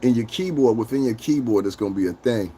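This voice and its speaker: Dude on a stream just talking to chat, cussing and laughing a lot, kinda rambly, regular mid voice. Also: male voice, medium pitch, mellow, a little hiss or hum. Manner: profane, jokey, laughs often, acts out quick skits; talks straight to chat, rambling with restarts. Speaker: livestreamer. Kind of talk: casual livestream chat with viewers.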